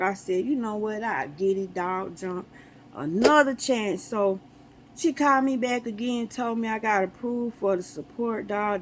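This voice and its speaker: Animated storytelling woman, faint hiss. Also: medium pitch, low-quality recording. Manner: animated storytelling, acts out dialogue, laughs often. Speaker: spiritual vlogger. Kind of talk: casual spiritual talk to viewers.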